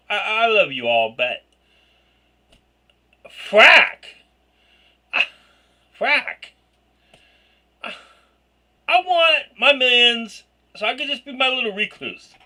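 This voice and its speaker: A man telling an embarrassing story in a casual vlog rant, rambling and excitable, often bursting into loud shouts. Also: very high voice. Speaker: vlogger.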